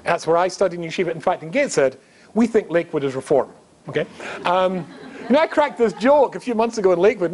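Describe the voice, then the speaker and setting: A man's voice: high-pitched, lively intonation, fairly quick. A middle-aged man from Scotland, a rabbi giving a humorous storytelling lecture, chatty and joking with asides to the audience. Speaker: rabbi and guest speaker.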